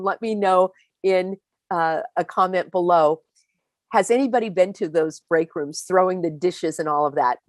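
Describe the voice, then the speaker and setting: A woman hosting a live-stream motivational talk, emphatic and animated, speaking straight to her viewers. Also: mid-range voice, dry recording. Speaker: host.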